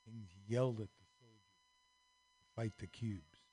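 Man, storyteller, reading aloud, expressive, varied loudness, radio show. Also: on the low side, measured pace, slightly rough. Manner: expressive, acts out the characters, varies loudness a lot.

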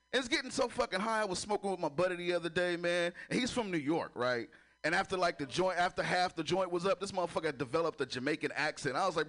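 Man, stand-up comic, high voice, swooping pitch, crude, laughs a lot, club stage mic. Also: fast. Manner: crude, laughing, animated storytelling. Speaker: stand-up comedian. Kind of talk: stand-up routine.

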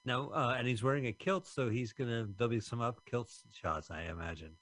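A man co-hosting a casual movie commentary, playful and quick with puns. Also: mid-range voice, a bit bright, dry recording. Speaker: co-host.

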